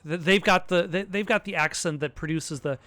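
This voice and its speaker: A man's voice: sits high, a little fast, sharp tone, no room sound. A man giving casual gameplay commentary, rambling and self-deprecating with lots of hesitant restarts. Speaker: let's play commentator.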